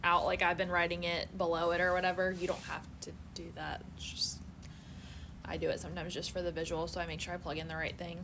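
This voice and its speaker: A woman's voice: fairly low pitch, level tone, fast talker, background noise. A woman teaching a math class, talking casually with students and saying "like" a lot. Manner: chatty, fillers of "like", laughs often.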